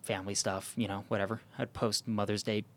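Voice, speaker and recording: A man's voice: lowish voice, level tone, brisk, fairly bright tone. Casual rambling man with many fillers. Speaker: podcast host. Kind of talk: casual chat.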